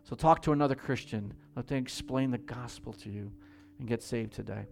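A man preaching a sermon as pastor in a church, swinging between loud pleading and hushed prayer. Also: mid-range voice, a little fast, gravelly.

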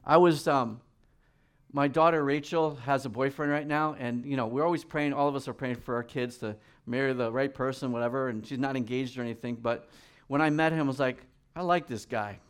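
A middle-aged man preaching a sermon as pastor, reading scripture and acting out the people in it in lively voices. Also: mid-range voice, a little fast, clean tone.

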